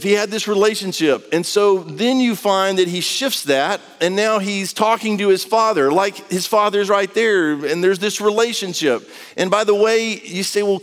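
A man's voice: high-pitched, long reverb tail. A man preaching a sermon in a conversational, earnest way, acting out the quotes he reads. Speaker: pastor.

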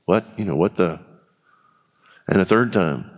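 A man's voice: deep voice, measured pace. Guy preaching in a church, laid-back and frank, long echo off the hall. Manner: conversational, candid preaching. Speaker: pastor. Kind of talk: sermon. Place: church sanctuary.

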